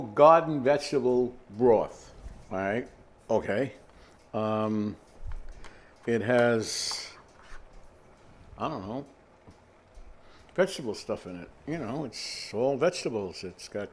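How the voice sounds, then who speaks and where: An older man demonstrating a recipe in his home kitchen, rambling and chatty with many fillers and asides. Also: medium pitch. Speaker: home cooking host. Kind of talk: casual cooking demonstration.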